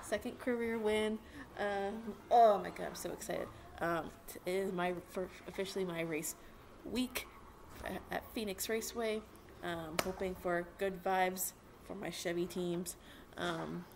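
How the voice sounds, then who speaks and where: A young woman chats excitedly to her camera from home. She rambles with plenty of fillers, and her fairly low voice is gravelly. A faint background hum sits behind her. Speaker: vlogger and racing fan. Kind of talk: casual chat to camera. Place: at home with a dog.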